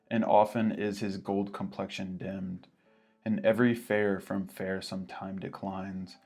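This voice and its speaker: Casting: man, very low voice, wry co-host, slow deliberate verse reading, soft guitar bed. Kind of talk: scripted educational banter.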